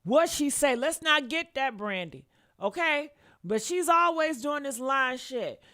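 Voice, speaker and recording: A woman's voice: sits high, expressive, unhurried, sharp tone. A woman hosting a celebrity gossip channel, talking in a sassy, blunt, scolding way.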